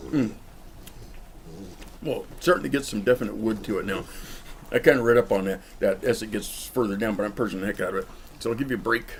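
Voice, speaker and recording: A man with a fairly low voice rambles through a cigar review, joking and chatting straight to the camera. He's outdoors, with a faint hum of background noise behind him. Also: fairly quick, long pauses. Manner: chatty, jokey, talks straight to the viewer. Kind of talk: casual rambling vlog review. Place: outdoors in the cold.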